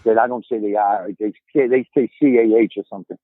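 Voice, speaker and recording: A man in his fifties from the Boston area, with a Boston accent, chats as a podcast guest, telling rambling, casual stories and often repeating words at the start of a sentence. His lowish voice moves at a quick pace with fairly even intonation, with no echo and narrow, tinny audio.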